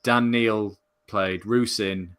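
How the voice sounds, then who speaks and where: Bright-voiced man. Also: lowish voice, steady tone, slow pace, clean tone. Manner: laughs often, runs the chat polls. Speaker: podcast host. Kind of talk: casual chat.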